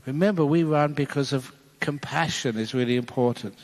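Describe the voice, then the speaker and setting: A man's voice: medium pitch, moderate pace. A man, a Buddhist monk, giving a playful dharma talk, telling jokes with frequent chuckles. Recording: long hall reverb.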